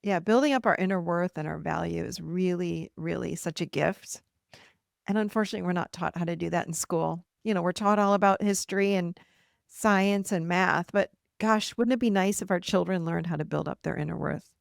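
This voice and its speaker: Gravelly-voiced woman podcast host. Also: fairly low pitch, fairly quick, dry recording, studio quality. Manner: warm encouraging, lively acted quotes. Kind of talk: casual solo podcast talk.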